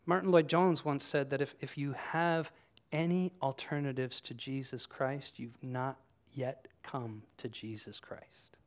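A man preaching a sermon to his congregation, animated and conversational, acting out quoted voices as he tells the story. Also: mid-range voice, a little slow. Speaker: pastor. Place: church room with congregation.

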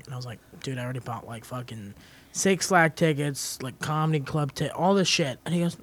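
A young man from Texas tells comic stories in a casual chat. His voice sits a touch high and swings widely in pitch. He laughs often and acts out everyone in his tales. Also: animated, fast. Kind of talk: casual comedic storytelling.

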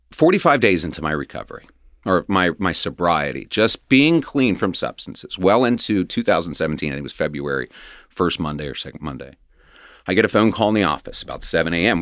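A man's voice: low voice, a bit bright, no echo, studio quality. A middle-aged man earnestly telling his personal recovery story in a candid, rambling conversational way. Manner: earnest, emotional, rambling with restarts and quick laughs.

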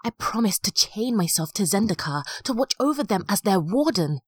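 Woman doing breathy betrayed ancient warrior lady, confronting, dry studio sound. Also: medium pitch, lively intonation, normal speed, no echo. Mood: bitter. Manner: sharp, hurt, confrontational. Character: ancient proud female planeswalker, wounded and bitter. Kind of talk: audio drama acting.

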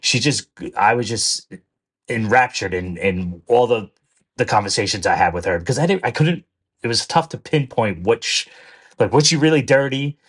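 Male co-host, mid-pitched, rambling and animated, loose casual delivery. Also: moderate pace, breathy edge. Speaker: podcast co-host. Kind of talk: casual chat.

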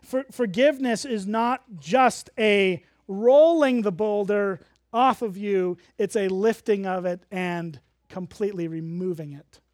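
Pastor, earnest teaching sermon, slow deliberate delivery, dry close sound. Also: mid-range voice, darkish tone, dry recording. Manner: earnest, emphatic teaching, explaining word meanings.

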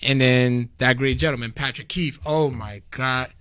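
A man co-hosting a casual chat, upbeat and quick to chime in. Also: mid-range voice, fairly even intonation, fairly bright tone, clean tone, dry recording, studio quality. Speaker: podcast co-host.

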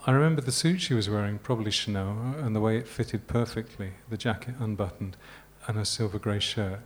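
Male novelist from Yorkshire, low voice, calm live reading of his own prose, faint room noise. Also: brisk. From Yorkshire, England. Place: small live reading event.

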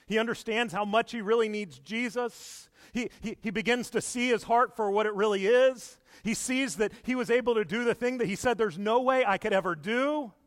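A man with a high voice preaches a sermon in a church, earnest and emphatic, dropping to a hush and then rising loud again. He stumbles and repeats words now and then, with small laughs in between. His voice rings out with a long echo through a large hall. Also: normal speed, few pauses. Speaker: pastor. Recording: echoey hall with long reverb.

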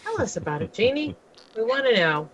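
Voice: mid-range voice, big pitch swings, a little fast, a bit bright. A talk radio host in casual chat, encouraging a guest with short prompts and questions. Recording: dull lo-fi audio.

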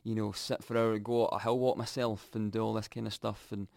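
A young Scottish man telling his own story candidly, reflective and halting, often restarting his sentences. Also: on the low side, little pitch movement, creaky, darkish tone, no room sound, studio quality.

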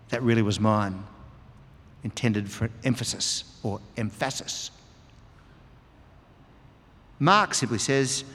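A man with a mid-range, fairly bright voice preaches a sermon in a church hall, reading scripture aloud and explaining it with emphatic repetition. The recording carries a long hall reverb.

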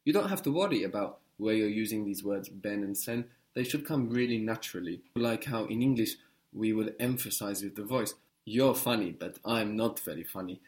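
A man's voice: fairly low pitch, a little fast, darkish tone. A man tutors a student one phrase at a time. His voice is patient and encouraging, and he paces the lesson carefully. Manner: patient, encouraging, step-by-step prompting. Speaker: language teacher. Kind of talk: guided language lesson.

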